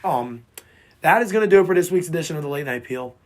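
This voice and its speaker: Man, podcast host, hoarse lost voice, slightly high, rambling, casual sports chat. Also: animated, quick pace. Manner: rambling, repeats himself, eager sports talk. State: lost his voice, sounds hoarse and boyish.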